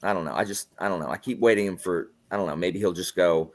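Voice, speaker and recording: A man's voice: low voice, fast. A man in casual book-club chat, ranting with sarcasm and putting on mock quotes. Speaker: book club podcast host.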